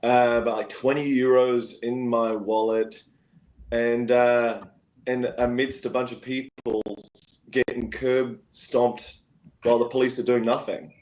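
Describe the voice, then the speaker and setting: A man in an easy, rambling storytelling mood, his voice sitting at a middling pitch. He rushes through some stretches and slows right down in others. He acts out the other people in his story, jumping his pitch up to play them. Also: poor audio. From Australia. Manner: animated, acts out quoted voices with big pitch jumps, keeps saying "anyway". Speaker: guest singer-songwriter. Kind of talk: casual storytelling chat.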